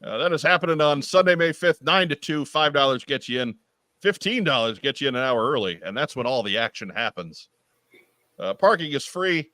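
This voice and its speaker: A man hosting a podcast in casual chat, reading event details with wry, deadpan asides. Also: medium pitch, brisk, no echo. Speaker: podcast host.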